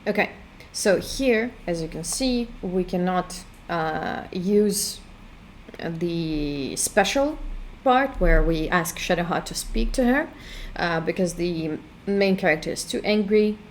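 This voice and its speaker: Slow, hesitant woman walking through her game. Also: fairly low pitch, expressive, slight background noise. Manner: hesitant, full of fillers and restarts while thinking aloud. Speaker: game creator demonstrating her work. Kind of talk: casual walkthrough commentary.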